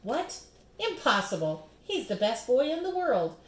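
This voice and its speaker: A woman's voice: high voice, sing-song, voice pushed up. A woman voicing a protective mother who speaks up firmly for her son, recorded in a roomy space. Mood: indignant. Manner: quick, indignant defense of her son.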